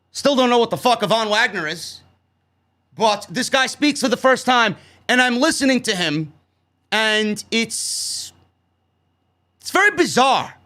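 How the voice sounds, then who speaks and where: High, bright-voiced man recapping wrestling. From New York. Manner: blunt, profane and sarcastic. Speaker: wrestling show reviewer. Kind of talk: casual recap commentary.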